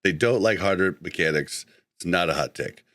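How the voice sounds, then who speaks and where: A man's voice: sits low, normal speed, a bit bright, dry recording, clean studio sound. A man hosting a podcast in casual chat, reading out live chat and easily sidetracked, with an easygoing manner. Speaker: podcast host.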